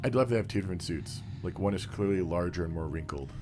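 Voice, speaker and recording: Deep-voiced man reading game text. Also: fast talker, music in the background. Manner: reads in-game text aloud in a relaxed, offhand way. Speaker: podcast co-host. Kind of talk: casual chat while playing a game.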